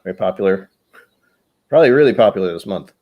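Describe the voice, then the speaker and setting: Low-voiced man rambling in casual chat. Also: lively intonation, quick pace, phone-quality sound. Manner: rambling, searching for words. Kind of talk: casual chat on a live stream.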